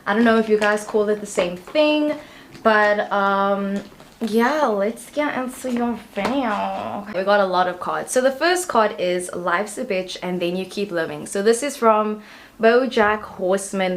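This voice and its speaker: A woman's voice: mid-range voice, normal speed. A woman, chatting and rambling in a bubbly way as she hosts a casual tarot reading vlog. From South Africa. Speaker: tarot reader.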